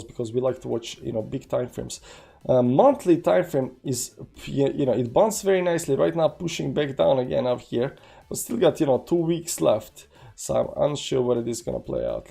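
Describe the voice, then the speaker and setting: A man's voice: medium pitch, normal speed, gravelly, warm tone, breathy edge. A man hosting a casual trading livestream with non-native accented English, rambling through charts and reading chat aloud with many fillers. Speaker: crypto trading livestream host.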